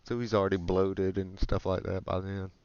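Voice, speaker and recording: A man's voice: low voice, level tone, moderate pace, a little mellow, clear, resonant tone, dry recording, highs cut off. A man co-hosting a casual comedy podcast, laid-back, recapping the story and asking questions. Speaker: podcast co-host.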